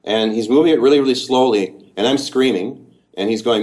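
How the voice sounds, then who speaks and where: A man's voice: medium pitch, fairly quick, a little mellow. A Canadian man giving a long, detailed, earnest first-person account in an interview. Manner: earnest, detailed, methodical storytelling.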